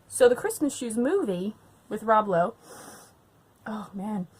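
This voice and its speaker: A young woman at home, tipsy on wine, chatting casually to camera and ranting with lots of swearing and loud outbursts. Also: mid-range voice, expressive, unhurried, pauses often, background noise. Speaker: book vlogger. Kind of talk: casual drunk reading vlog.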